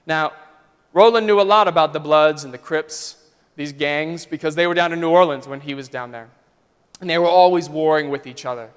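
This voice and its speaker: A man's voice: fairly high pitch, fairly quick, clear, resonant tone. A male pastor telling a story in a conversational, vivid sermon style, in a church sanctuary. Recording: long church reverb.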